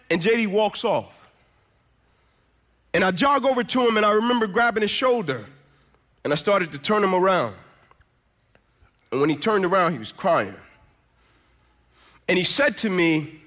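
Very high, bright-voiced man telling his story. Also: animated, moderate pace. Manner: storytelling with repeated refrains. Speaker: motivational speaker. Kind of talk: inspirational testimony speech.

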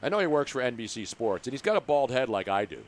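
A man's voice: medium pitch, big pitch swings, fast talker. An older man hosting a sports radio show, chatting casually with a joking, teasing manner. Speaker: radio host.

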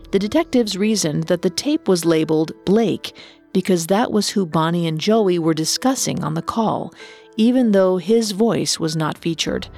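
A woman giving scripted true-crime narration in a measured way, reading quotes aloud in a flat tone. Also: lowish voice. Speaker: podcast narrator.

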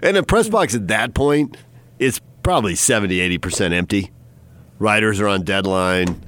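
A man co-hosting a sports talk show, chiming in with quick commentary. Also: on the low side, animated, fairly bright tone, no room sound. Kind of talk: casual chat.

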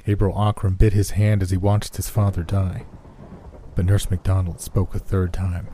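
A man narrating a horror story in a slow, measured way. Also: low-pitched, monotone, warm tone, slight background noise.

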